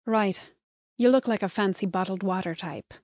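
A woman voicing a blunt, sarcastic Irish bartender in her mid-thirties, speaking in a bored monotone in an audiobook. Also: mid-range voice, normal speed, no room sound, clean studio sound, lightly acted. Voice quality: flat monotone, sarcastic and abrupt.

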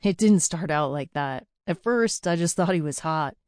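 A woman voicing a blunt, teasing young adult brother in an audiobook, with a gruff, wry way of talking. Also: sits low, expressive, moderate pace, darkish tone, no room sound, studio quality. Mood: candid. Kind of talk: audiobook character voice.

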